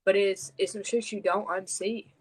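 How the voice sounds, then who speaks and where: A woman's voice: mid-range voice, fairly even intonation, moderate pace, slightly rough, rough recording. A woman, hosting a podcast and telling a personal story in a raw, blunt way, swearing heavily. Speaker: podcast host.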